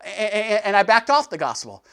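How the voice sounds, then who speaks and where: A man giving a devotional sermon, telling a story with sudden swings between loud and soft. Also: sits high, very animated, moderate pace, clear, resonant tone. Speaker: pastor.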